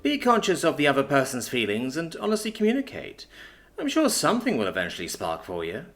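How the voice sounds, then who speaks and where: A man's voice: on the high side, wildly swooping pitch, fairly quick, a bit bright, faint music behind, voice pushed up, full character voice. A man voicing a seasoned female soldier, matter-of-fact and wry, sometimes stern. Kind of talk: audiobook character voice.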